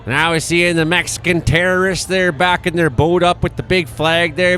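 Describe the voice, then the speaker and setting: A man's voice: a little high, steady tone, moderate pace, few pauses, bright, forceful tone, slight background noise. A man in his forties, hosting an irreverent comedic news commentary with chuckles and swearing. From Canada. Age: 40s. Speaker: host.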